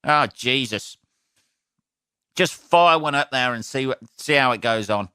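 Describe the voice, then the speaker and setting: A man's voice: mid-range voice, measured pace, bright, forceful tone, clear, resonant tone, no room sound, studio quality. Sniffly man ranting on his podcast. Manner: rambling, swears a lot, laughs at own jokes. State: sniffly, sneezing. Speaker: podcast host. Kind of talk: casual solo podcast rant.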